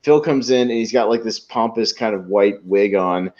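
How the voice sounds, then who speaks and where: A man's voice: on the low side, moderate pace, a little mellow. A man co-hosting a podcast in casual chat, rambling and laughing as he acts out lines from a sketch. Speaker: podcast co-host. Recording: dull lo-fi sound.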